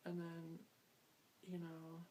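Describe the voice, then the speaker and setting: A young woman chats to her viewers in a loose, rambling, self-mocking way, joking as she goes. Her voice sits a little low for a woman. She is picked up from some distance off the mic, with a faint hiss underneath. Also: monotone, slow pace, dark tone. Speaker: beauty and fashion vlogger. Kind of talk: casual chat to camera.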